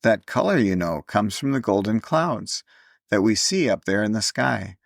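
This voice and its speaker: A man's voice: lowish voice, animated, moderate pace, gravelly, no echo, studio quality. A man voicing a little girl in a storybook reading, earnest and explaining things with grave wisdom. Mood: eager. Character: little girl, eager and wise beyond years.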